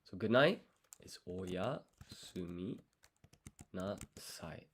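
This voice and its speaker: A man thinking aloud through a language study session, sounding out foreign words slowly syllable by syllable and muttering self-corrections. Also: sits low, lively intonation, background noise. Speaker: language learner streaming his study.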